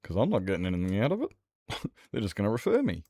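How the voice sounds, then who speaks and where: A man's voice: fairly low pitch, wildly swooping pitch, fast, dark tone, dry recording, clean studio sound. A young man streaming, talking candidly in a rambling, sweary, casual way. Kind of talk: casual livestream chat.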